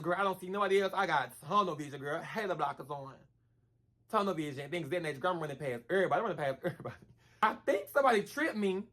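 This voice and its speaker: Guy with a high voice rattling off a storytime vlog, slangy, keeps saying girl, acts out the punches with bam bam noises. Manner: animated, slangy, calls the listener "girl" constantly; acts out punches with sound effects. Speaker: storyteller vlogger.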